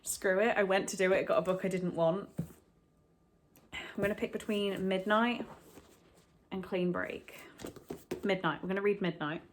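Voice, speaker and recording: A young woman chatting casually for a reading vlog at home, candid and rambling, with quick asides. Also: mid-range voice, fairly even intonation, slight background noise. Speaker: book vlogger. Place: at home, partly from bed.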